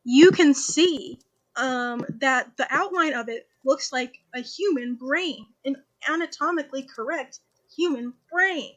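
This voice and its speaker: A woman's voice: high-pitched, a little slow, a bit bright. A young woman co-hosting a podcast in casual, slangy, joking chat. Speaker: podcast co-host.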